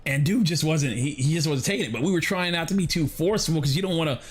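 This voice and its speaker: A man streaming a game, telling a story in an animated, profane casual way. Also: on the high side, fast talker, slightly rough. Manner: animated, profane, lots of restarts and swearing. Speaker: gaming streamer.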